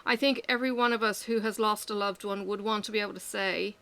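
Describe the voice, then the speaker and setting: Bright-voiced woman, candid ramble. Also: medium pitch, steady tone, fast talker. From Australia. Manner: rambling, candid, swears freely. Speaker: vlogger. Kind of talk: casual chat while working.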